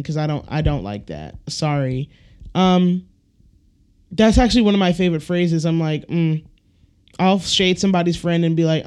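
A man's voice: on the high side, moderate pace, a little mellow, clear, resonant tone. A man hosting a casual solo podcast, ranting bluntly and profanely, and now and then acting out the people he quotes. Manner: acts out quoted people with shifts in voice. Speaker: podcast host.

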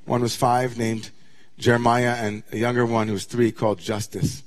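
A man's voice: mid-range voice, flat delivery, normal speed. Man preaching a dramatic sermon. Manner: dramatic, swinging from hushed near-whispers to impassioned declamation. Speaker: rabbi.

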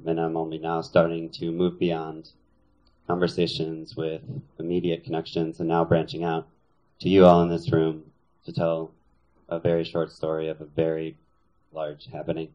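A man with a very low, flat voice tells a personal story to a roomful of listeners. He speaks in a measured, serious, deliberate way, his dark tone coming through a dull, lo-fi recording. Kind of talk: personal story told to a live audience. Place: room with an audience.

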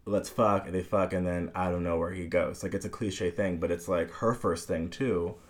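Animated low-voiced man retelling film scenes. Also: normal speed. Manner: animated, profane, acts out characters' lines in higher voice. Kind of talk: casual chat about a film.

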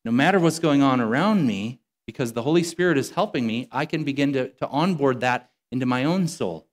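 A man preaching a sermon as a pastor, earnest and conversational, slowing down and growing quieter when he quotes scripture. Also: mid-range voice, lively intonation.

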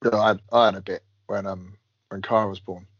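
A husky-voiced man telling animated stories among friends, slipping into other people's voices. The recording is dry and dull, close to the mic. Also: low-pitched, brisk, no echo. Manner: animated storyteller, acts out others. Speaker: podcast co-host. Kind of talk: casual banter.

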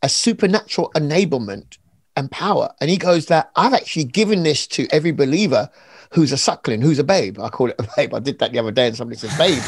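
A man, an author talking about praise and faith in an emphatic, animated preaching way. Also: a little high, quick pace, husky, dry recording. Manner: animated, emphatic, acts out little scenes. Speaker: author and preacher being interviewed. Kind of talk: conversational preaching.

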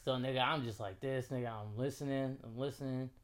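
A man's voice: mid-range voice, fairly even intonation, fairly quick. A young man telling a story in casual chat, laid-back and slangy.

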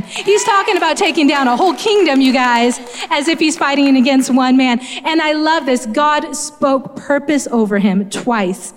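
A woman's voice: sits high, moderate pace, few pauses. A woman preacher giving a sermon in an earnest, conversational way, speaking straight to her listeners. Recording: long hall reverb.

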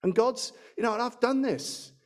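A man's voice: extremely high pitch, normal speed. A man preaching a sermon in a church, chatty and self-deprecating, speaking into a handheld mic. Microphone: handheld microphone.

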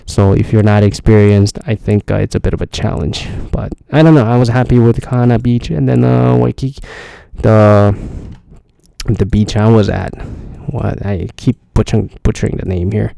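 Male podcast host, low dark voice, dry close sound, talks softly, rambles and cusses. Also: fairly even intonation, normal speed, creaky, dry recording. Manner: rambling, profane, blunt. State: talking quietly. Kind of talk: casual solo podcast monologue. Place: hotel room.

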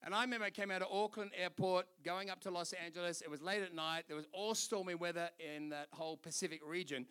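Aussie pastor preaching, high bright voice, lively storyteller, laughs a lot. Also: male voice, quick pace, few pauses, smooth. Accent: Australian. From Australia. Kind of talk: sermon.

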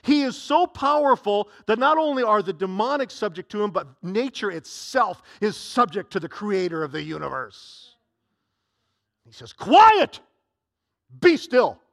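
High-voiced animated male pastor. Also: moderate pace, vocal fry. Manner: animated and dramatic, swinging from loud to hushed. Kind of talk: sermon.

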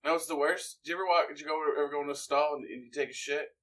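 Bright-voiced swearing man. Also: fairly high pitch, racing. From northeastern Pennsylvania. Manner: animated storyteller, swears constantly. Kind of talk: casual profane chat.

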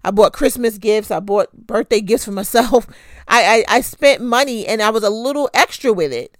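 A woman's voice: a little high, a little fast, no room sound. A woman hosting a podcast, giving frank, conversational money advice with mild swearing and self-deprecating asides. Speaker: podcast host. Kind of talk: casual personal finance talk.

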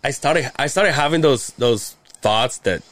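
Brief: male podcast host, animated storyteller, curses freely, dead-dry close sound. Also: mid-range voice, measured pace, no room sound. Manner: animated, swears a lot, acts out quotes. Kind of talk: casual storytelling chat.

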